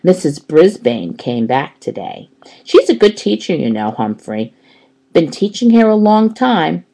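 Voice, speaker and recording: A woman doing a booming, jolly school janitor man. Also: very animated, a little slow, dark tone, heavily acted. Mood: friendly. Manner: hearty, jokey, booming. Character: cheerful booming male school janitor, joking.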